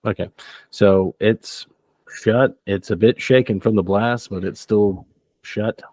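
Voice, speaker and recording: A man's voice: on the low side, steady tone, slow, a little mellow, dry recording. A man narrating as game master, loose and descriptive, often laughing.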